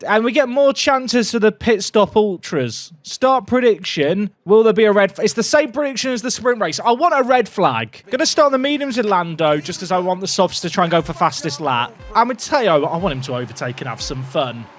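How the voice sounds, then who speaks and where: A young man giving excitable, jokey commentary while playing a racing game, talking to his chat and shouting at his drivers. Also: sits high, a little fast, hardly any pauses, dry recording, soft background music. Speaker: gaming video creator. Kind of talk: casual gameplay commentary.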